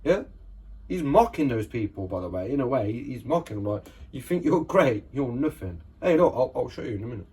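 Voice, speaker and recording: A man's voice: mid-range voice, very animated, fast, mellow, breathy edge. A man giving casual Bible teaching, reading scripture verses aloud and often checking in with his listeners. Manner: conversational, keeps checking in with listeners.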